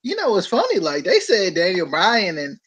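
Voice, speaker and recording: Lively, joking podcast co-host. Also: mid-range voice, normal speed, a loud crowd. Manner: joking, laughs often, lively. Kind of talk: casual chat.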